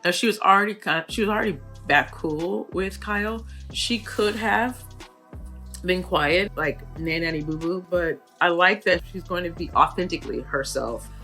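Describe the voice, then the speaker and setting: A woman hosting a reality TV recap, talking in a chatty, animated way full of fillers. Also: on the low side, moderate pace, faint music behind. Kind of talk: casual commentary.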